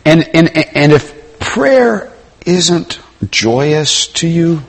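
A middle-aged man preaching a sermon in a conversational way, rising to loud emphasis and dropping to quiet asides. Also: on the high side, animated, very slow, vocal fry.

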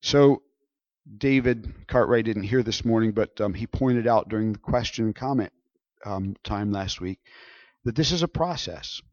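A man's voice: lowish voice, moderate pace, darkish tone, no echo. Guy preaching a sermon, chatty and direct, dry dull-sounding recording. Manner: conversational preaching with frequent check-ins. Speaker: pastor.

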